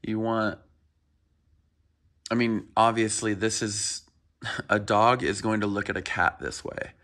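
A man at home calmly explaining how he introduces his dog to his cat, often checking in with "right?" as he coaches. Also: lowish voice, slow. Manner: soft-spoken, frequently adds "right?" while coaching pets. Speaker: dog owner training his dog. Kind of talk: casual explanatory vlog. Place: home indoors with pets.

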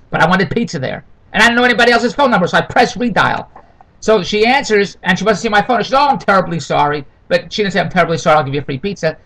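A man's voice: extremely high pitch, pushed and bright, low-quality recording. A middle-aged man rambling through a comic, complaining monologue, repeating himself and wandering off on tangents. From Toronto. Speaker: vlogger.

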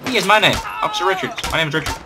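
A man's voice: fairly high pitch, animated, rapid-fire, background noise. A young man doing playful, sarcastic game commentary, rambling and joking at the screen. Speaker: gamer doing a let's play.

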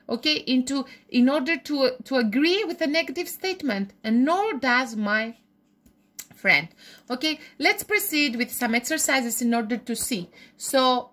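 A woman teaching English grammar. Her voice sits slightly high, and she explains step by step. She keeps checking with "okay?" and restarts her sentences as she goes. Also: a bit bright. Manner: frequent restarts and self-corrections. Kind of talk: grammar lesson.

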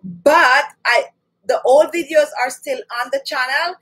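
A woman's voice: high voice, a little slow, fairly bright tone, poor audio. A woman hosting a beauty channel, talking casually and directly to her viewers as she runs through home remedies and answers questions. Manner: chatty, repeats lists, addresses viewers directly. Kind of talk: casual live-stream skincare chat.

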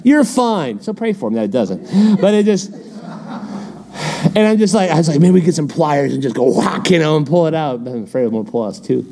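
A man's voice: fairly high pitch, a little fast. A middle-aged man teaching a midweek Bible study as pastor, in a conversational, storytelling way. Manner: conversational, animated storytelling with laughs.

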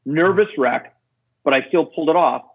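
This husky middle-aged man, a guest on a podcast, talks at a moderate pace through a tinny, phone-like line. He performs the voices of the people in his animated story, his pitch jumping around lively.

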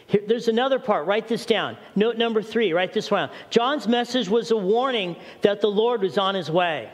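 A man's voice: high-pitched, animated, moderate pace, few pauses. A middle-aged man preaching a sermon as pastor, urgent and questioning the congregation directly. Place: church hall. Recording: long church hall reverb.

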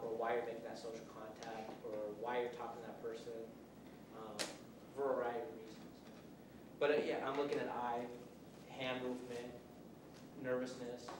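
A man's voice: mid-range voice, noisy background. Man lecturing from far in an echoey room. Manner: rambling, conversational, full of restarts and acted-out examples. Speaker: police officer teaching a workshop. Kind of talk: informal classroom lecture. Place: college classroom.

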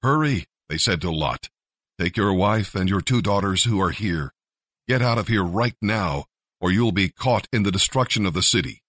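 A man's voice: low voice, moderate pace, a bit bright, no room sound, studio quality. A man reading scripture aloud, lifting his voice for the quoted speakers. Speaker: Bible reader.

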